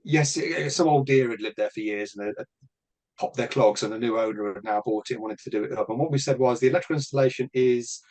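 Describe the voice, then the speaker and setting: Blunt, sweary British electrician. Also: male voice, mid-range voice, quick pace, a little mellow. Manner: blunt and sweary, with many restarts. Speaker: electrician podcast host. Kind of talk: casual podcast chat.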